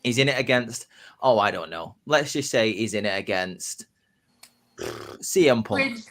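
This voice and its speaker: A man on a casual podcast, telling his predicted wrestling storyline like excited play-by-play. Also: fairly low pitch, unhurried. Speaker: podcast host.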